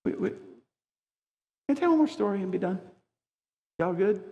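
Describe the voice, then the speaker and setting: A man in his sixties preaching a sermon as a pastor, high-energy and emphatic with folksy asides. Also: big pitch swings, measured pace, dark tone, lo-fi sound. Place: church sanctuary. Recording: long church reverb.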